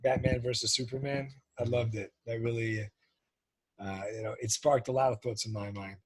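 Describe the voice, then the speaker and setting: A man's voice: mid-range voice, fairly even intonation, normal speed, slightly rough, no room sound. A man chatting casually and enthusiastically on a podcast. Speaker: podcast co-host. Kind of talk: casual chat.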